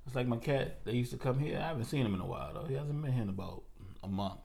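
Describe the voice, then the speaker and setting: A man who is a guest on a podcast tells his stories casually. His pitch swings widely as he talks. He acts out the voices of the people and animals in his stories. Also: animated, fast, vocal fry, mellow. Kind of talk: casual storytelling.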